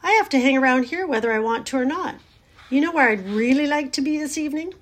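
A woman's voice: high voice, lively intonation, fast, voice pushed up. A woman voicing a young, timid male pig who speaks eagerly and anxiously. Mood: eager, worried. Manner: eager, worried and pleading.

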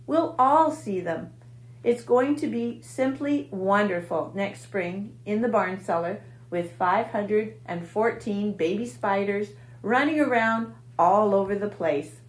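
A woman's voice: medium pitch, echoey room, poor audio. A woman voicing a young male pig, eager and innocent, asking wide-eyed questions in a storybook reading.

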